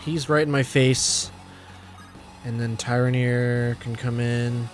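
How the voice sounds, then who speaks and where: A man's voice: mid-range voice, fairly even intonation, slow pace. A man casually commenting on his own gameplay, thinking aloud in a chatty, self-deprecating way. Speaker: video game let's-player. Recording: faint background game music.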